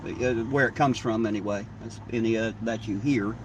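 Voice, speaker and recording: On a nighttime drive, a man from southern Ohio livestreams in a lowish voice with fairly even intonation and a moderate pace. He drawls along in a laid-back, folksy, wandering way, with faint road noise reaching the distant mic.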